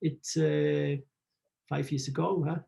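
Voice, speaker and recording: A man, answering interview questions in halting English and searching for words. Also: fairly high pitch, little pitch movement, creaky, warm tone. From Switzerland. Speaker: photographer interviewee.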